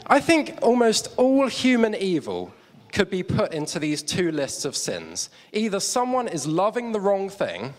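A man's voice: high-pitched, huge pitch swings, a little slow. A man preaching a sermon on stage, telling a story with props and chatty asides to the audience. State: out of breath. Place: church hall stage. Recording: long hall reverb.

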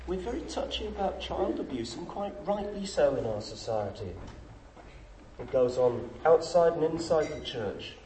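A middle-aged man preaching a sermon, emphatic and full of rhetorical questions. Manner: emphatic, rhetorical questions, lively pitch swings. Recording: echoey room with faint noise.

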